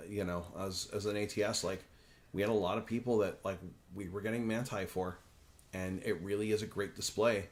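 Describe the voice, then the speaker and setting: A fairly low-voiced man in his thirties hosting a casual livestream. He chats about gear and reads viewer comments aloud, talking in a lively, self-interrupting way with quick laughs. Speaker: livestream host.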